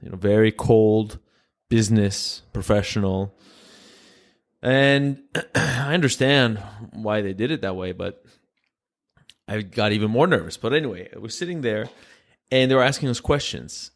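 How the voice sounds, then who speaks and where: A man's voice: lowish voice, moderate pace. A man from Greece, a podcast guest telling a story in casual chat and acting out the voices of people he quotes.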